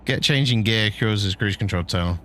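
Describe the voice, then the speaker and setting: A man's voice: on the low side, moderate pace, a bit bright, a little hiss or hum. A middle-aged man chatting casually and jokily while streaming a truck-driving game, laughing often and bantering with his chat.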